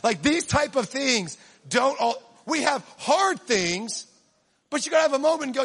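A man preaching a sermon in an animated way, swinging from low, quiet asides to shouted punchlines, with humor. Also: normal speed, breathy edge.

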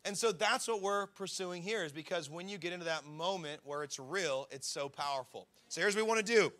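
A man's voice: high voice, brisk. A man in his thirties, a pastor giving a sermon, telling stories and acting out the people in them. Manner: storytelling, animated, acts out quotes.

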